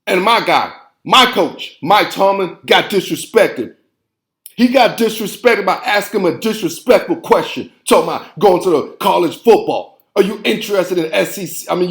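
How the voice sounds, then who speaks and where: A man's voice: high voice, roomy sound. Fired-up man ranting about football. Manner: fired-up, preachy, repeats phrases and says "man" constantly. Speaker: sports show host. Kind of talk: heated football commentary.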